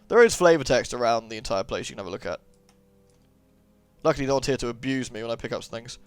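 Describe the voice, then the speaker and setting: A man's voice: mid-range voice, expressive, fast talker, pauses often, smooth, no echo. A man talks over his gameplay in a loose, jokey way, ribbing the characters and reading bits aloud. His voice sits mid-range, casual and sarcastic, with the game's music playing faintly underneath. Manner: joking, sarcastic, chatty. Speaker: let's play host. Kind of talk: gameplay commentary.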